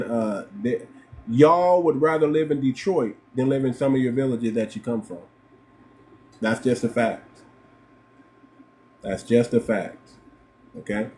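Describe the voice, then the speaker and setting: A man's voice: medium pitch, unhurried, pauses often, a little mellow, slight background noise. A man from the United States hosting a livestream, talking emphatically, repeating himself and firing off rhetorical questions. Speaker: livestream host. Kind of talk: livestream commentary.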